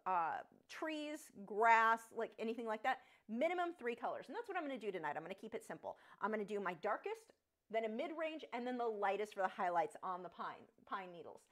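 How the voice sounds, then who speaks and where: Teaching painting on a live stream from her home studio, this woman talks in a casual, rambling manner and keeps cutting herself off. When she speaks to her dogs, her voice turns high and sing-song.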